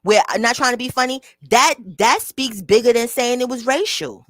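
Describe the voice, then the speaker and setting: In a casual livestream, a woman with a fairly high, slightly bright voice speaks at normal speed, cursing freely and talking straight to her chat. Her small mic sits close to her mouth, and there's no room sound.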